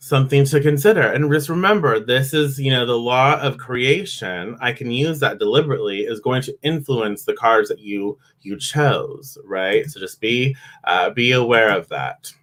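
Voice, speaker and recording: A man's voice: medium pitch, measured pace, fairly bright tone. A man giving an oracle card reading on a live stream in a casual, chatty way, greeting viewers by name as he talks. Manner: acts out grumbling inner voices.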